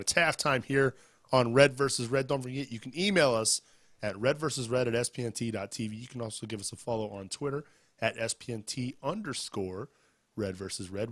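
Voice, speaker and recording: A man's voice: medium pitch, fairly bright tone, dry recording, studio quality. A man with a sore throat hosting a sports podcast, chatting casually and reading plugs in an announcer-like way. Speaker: podcast host.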